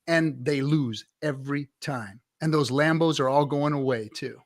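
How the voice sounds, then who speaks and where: A man's voice: fairly high pitch, normal speed. A man co-hosting a casual crypto chat show, talking bluntly and with profanity while he lectures about investing. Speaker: podcast co-host.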